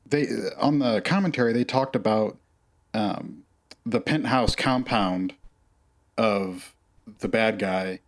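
Rambling low-voiced male co-host. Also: takes it slowly, long pauses. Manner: rambling, filler-heavy. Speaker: podcast co-host. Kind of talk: casual chat.

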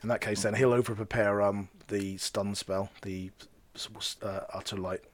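A man's voice: on the low side, fairly even intonation, moderate pace. A man playing a tabletop game and hosting the show, jokey in manner. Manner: jokey, wraps up the episode. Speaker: player and show host.

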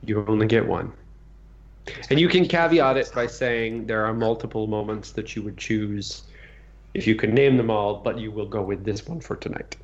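A man's voice: lowish voice, normal speed. A man hosting a casual podcast about a tabletop game, putting questions to each player in turn. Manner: relaxed, leads the questions. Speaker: podcast host. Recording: dull lo-fi sound.

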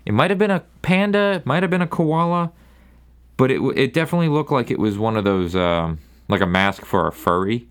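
On his solo podcast, a young man tells a wandering bar tale with dry humor and a casual feel, briefly imitating the people in it. His mid-range voice is expressive, clear and resonant.

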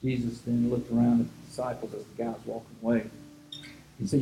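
A man's voice: mid-range voice, brisk, mellow, reverberant, slight background noise, poor audio. A man preaching a casual sermon as a pastor, retelling scripture in an easygoing, conversational way.

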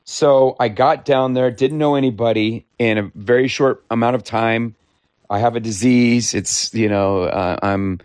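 A man from Idaho, talkative and animated, telling his story in a casual interview and laughing often. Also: medium pitch, a little slow, clear, resonant tone, dry recording. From Idaho, United States. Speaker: interviewee, founder. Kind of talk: conversational storytelling.

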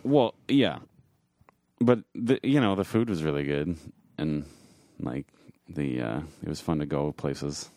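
A man's voice: a bass voice, measured pace, long pauses, mellow, no room sound, studio quality. A man in casual podcast chat, rambling with many fillers and trailing restarts. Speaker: podcast co-host.

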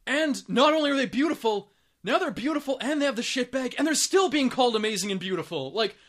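A man's voice: extremely high pitch, expressive, fast talker, fairly bright tone. A man co-hosting a podcast, telling crude jokes and retelling stories with acted-out voices. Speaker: podcast co-host. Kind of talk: casual podcast banter.

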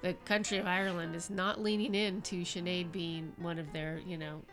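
A woman's voice: on the low side, little pitch movement, moderate pace, fairly bright tone, faint music behind. A middle-aged woman co-hosting a podcast, chiming in with dry, teasing, sarcastic asides in casual chat. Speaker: podcast co-host.

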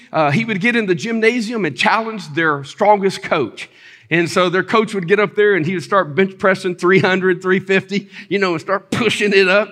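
A man preaching, telling stories in a lively sermon with loud exclamations and chuckles. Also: high voice. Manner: animated storytelling with loud exclamations and laughter. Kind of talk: sermon testimony.

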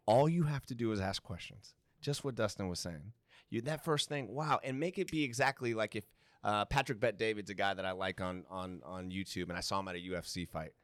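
A man's voice: lowish voice, a little fast, fairly bright tone, no room sound. A male guest speaker and voice performer in a casual panel talk, telling stories animatedly and acting out quotes, in front of a student audience. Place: university lecture hall before a student audience.

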